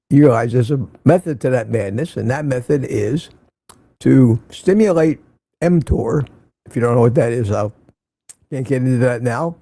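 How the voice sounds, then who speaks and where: A man's voice: medium pitch, mellow, no echo. An older man from Central Florida hosting a casual morning livestream, rambling and reading out viewer comments. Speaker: livestream host.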